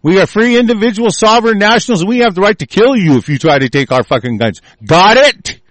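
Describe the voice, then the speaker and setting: A man's voice: high-pitched, expressive, a little fast, no echo. Furious, profane man ranting. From United States. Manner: furious, profane, shouting threats. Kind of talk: angry political rant.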